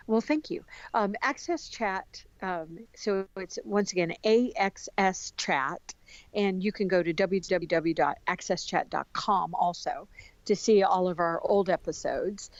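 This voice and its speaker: Chatty American woman guest, mid-pitch, dry slightly lo-fi sound. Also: measured pace, dry recording. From United States. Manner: animated and talkative, many restarts. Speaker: podcast guest. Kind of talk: casual conversation.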